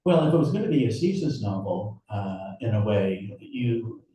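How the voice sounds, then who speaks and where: Male author, chatty and self-deprecating, mellow tone, very echoey room, distant mic. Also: fairly low pitch, animated, a little slow. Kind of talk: casual conversation at a book event.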